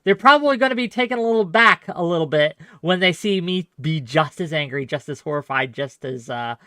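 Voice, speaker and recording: A man's voice: a little high, expressive, fairly quick, pushed and bright, no room sound, studio quality. A man hosting a live call-in debate stream, talking bluntly and emphatically with some profanity.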